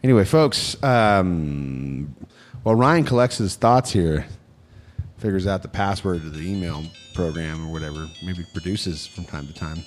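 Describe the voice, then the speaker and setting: Speaking unhurriedly and expressively in a low voice, an American man trades jokes as a podcast co-host while faint music plays behind him. His banter is punctuated by loud bursts of pretend outrage.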